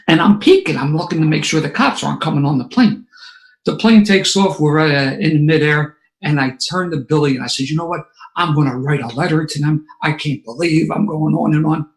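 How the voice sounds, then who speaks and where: A man, telling a personal story to a recovery meeting with lively, sarcastic asides. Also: fairly high pitch, fairly quick, low-quality recording. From Philadelphia area.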